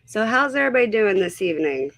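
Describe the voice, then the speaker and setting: A woman's voice: medium pitch, very animated, quick pace, dry recording. A woman hosting a casual livestream, greeting viewers one by one and sounding a little unsure of herself. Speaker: livestream host.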